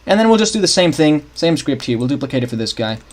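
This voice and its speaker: A young male streamer, a little high in pitch, very animated, and quick, casually scripts his game map live while thinking aloud, often restarting, and chatting with viewers.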